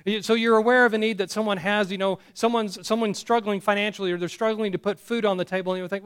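Man, preaching, high-pitched voice, earnest, frequent restarts. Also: steady tone, fast talker, few pauses, a bit bright, clean tone. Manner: earnest, with frequent restarts and call-outs to the congregation. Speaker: pastor. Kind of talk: sermon.

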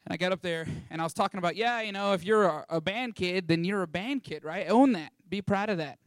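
Talking fairly quickly in a high-pitched voice, a Texan young adult of about eighteen gives a casual testimony about a mission trip, rambling with many fillers. The recording is clean studio sound with no echo.

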